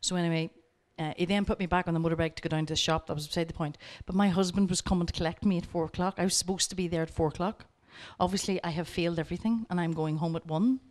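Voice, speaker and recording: Woman, workshop speaker, storytelling lecture, lively anecdotes, direct coaching tone. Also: on the low side, very fast, few pauses. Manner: lively anecdotes, acting out both sides of the dialogue; direct, coaching asides to the audience.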